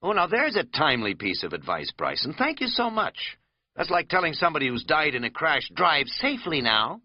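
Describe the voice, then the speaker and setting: A man's voice: on the low side, wildly swooping pitch, a little fast, slightly rough, dry recording, highs cut off, full character voice. A man voicing a rambling, folksy middle-aged American man who talks in a chatty, self-mocking drawl.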